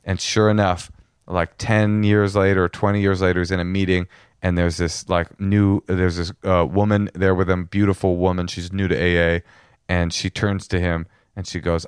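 A man co-hosting a podcast, chatting casually with his wife and telling stories in a jokey, animated way. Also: low-pitched, moderate pace, clean tone, no room sound, clean studio sound. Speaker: podcast co-host. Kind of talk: casual chat.

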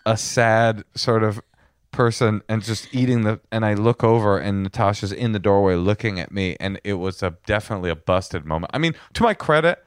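A man with a very low voice co-hosts a casual podcast, telling jokey stories with animation. The sound is dry and close, with no room in it. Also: fairly quick, clear, resonant tone, no room sound. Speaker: podcast co-host. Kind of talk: casual chat.

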